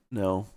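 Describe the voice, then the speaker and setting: A male content creator with a lowish voice dictates scene descriptions haltingly, with fillers and pauses, before chatting casually. There is no echo.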